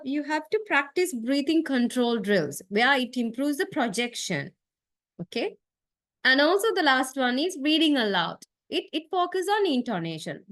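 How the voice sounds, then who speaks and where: A university lecturer, a woman with a high, fairly bright voice, walks her class through a lecture step by step. She keeps checking in with "okay?" and "right?" There's no echo.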